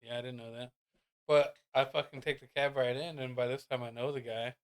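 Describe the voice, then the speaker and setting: A man's voice: mid-range voice, fairly even intonation, brisk, smooth. A laid-back man chatting casually on a podcast, swearing and chuckling along. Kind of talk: casual conversation.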